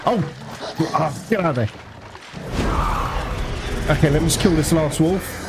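Excitable gamer over noisy game audio. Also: male voice, on the high side, unhurried, vocal fry. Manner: excitable, panicky outbursts and laughter mid-fight. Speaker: let's play gamer. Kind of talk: live gameplay commentary.

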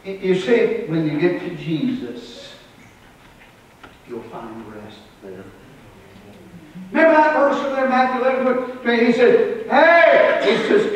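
A pastor preaching a sermon, swinging between loud and soft and repeating words. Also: male voice, extremely high pitch, animated, takes it slowly, pauses often, dull audio. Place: church sanctuary. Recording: roomy live church recording from a distance.

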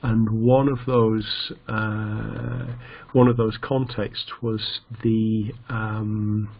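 Man, teacher, halting lecture, low flat voice, dull lo-fi sound. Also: vocal fry. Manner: slow and halting, many fillers and restarts. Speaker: English teacher. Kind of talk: online lecture.

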